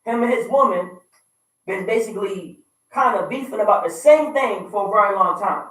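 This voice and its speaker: A high, slightly bright voice at normal speed belongs to a man in his thirties hosting radio talk about relationships. He's opinionated, emphatic, and repetitive, with occasional raised volume, and the sound is very echoey from a distant microphone.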